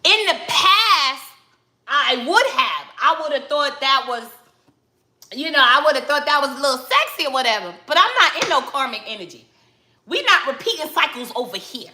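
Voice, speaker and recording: A woman with a Brooklyn accent talking casually and candidly, loud and direct, in a reflective vlog. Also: high-pitched, big pitch swings, normal speed, roomy sound. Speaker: spiritual vlogger, tarot reader.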